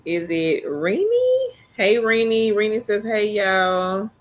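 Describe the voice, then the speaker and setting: Woman co-host, slow easy livestream chat, reads viewer comments. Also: medium pitch, big pitch swings.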